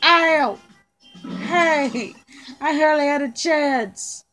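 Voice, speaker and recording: Woman, gamer, high voice, unhurried, playful teasing commentary. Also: a bit bright, faint music behind. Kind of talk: casual gameplay commentary.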